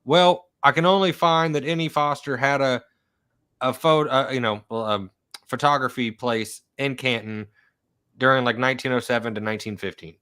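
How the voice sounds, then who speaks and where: A man telling a story in casual chat, animated, swearing freely and acting out what other people said. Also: mid-range voice, moderate pace, clean tone.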